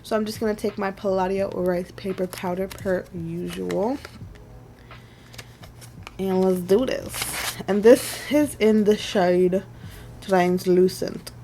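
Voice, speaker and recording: A woman in her twenties talks through her makeup at home in a loose, rambling way, full of fillers and small laughs. Her voice sits at an ordinary middle pitch. A faint hiss runs underneath. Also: slow. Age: 20s. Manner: chatty and rambling, many "like"s and soft laughs. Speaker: beauty vlogger. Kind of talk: casual makeup wear-test chat.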